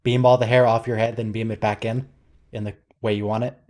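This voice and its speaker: A man's voice: lowish voice, level tone, brisk, a little mellow. A man hosting a watch-along, giving casual, wry, quizzical commentary and thinking aloud.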